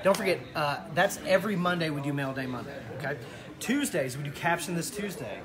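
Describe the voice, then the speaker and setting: An excited man hosts a live show, talking fast and animated. His voice sits a little high, with people chattering in the background. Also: a loud crowd. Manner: excited, animated promo talk. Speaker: show host. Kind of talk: casual live show chat.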